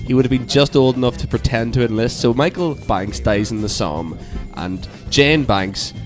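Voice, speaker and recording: A man's voice: medium pitch, normal speed, music in the background. A man guesting on a radio show, playful and goofy with sing-song bits. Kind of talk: improvised comic chat.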